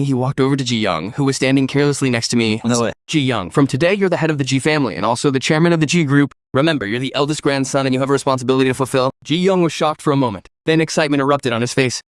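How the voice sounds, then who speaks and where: A man's voice: medium pitch, no room sound. A man narrating a first-person story recap, reading every character's lines in his own voice.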